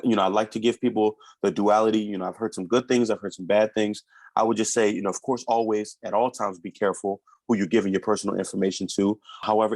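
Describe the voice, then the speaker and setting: A man in his thirties, a podcast guest, talking through parenting stories in a lively, conversational way and now and then acting out his children's voices. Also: on the low side, creaky, dry recording. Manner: animated storytelling, acts out his kids' voices.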